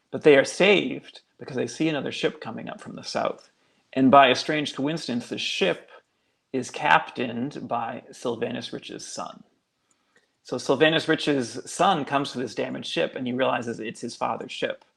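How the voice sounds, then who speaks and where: A man's voice: mid-range voice, moderate pace, creaky. A male guest author telling a local legend in a casual, chatty way, full of fillers. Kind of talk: casual storytelling.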